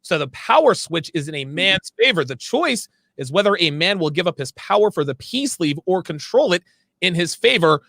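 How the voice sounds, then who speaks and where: A man's voice: high voice, sing-song, moderate pace, creaky, fairly bright tone, dry recording, studio quality. A man hosting a livestream, reading viewer messages aloud and answering them in a blunt, emphatic way, sometimes stopping to fix his own words. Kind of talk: casual livestream talk.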